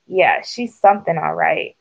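A woman's voice: lowish voice, unhurried, gravelly, heavily acted. Woman doing a grumpy male goose, groaning, mumbling, dull muffled audio. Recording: dull lo-fi recording.

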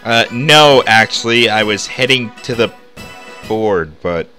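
A man's voice: lowish voice, expressive, unhurried, pushed and bright, soft background music. A man giving casual, rambling commentary while playing a video game. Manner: rambling, chatty, lots of "like" fillers. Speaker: let's play host.

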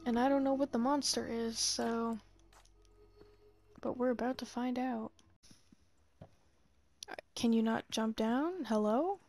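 A woman's voice: on the high side, takes it slowly, pauses often, darkish tone, soft background music. A woman streamer giving casual gameplay commentary, chatty, profane and teasing, laughing often.

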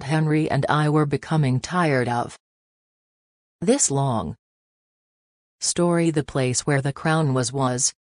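A woman narrating a storybook in a slow, steady reading voice. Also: sits low, no room sound, clean studio sound.

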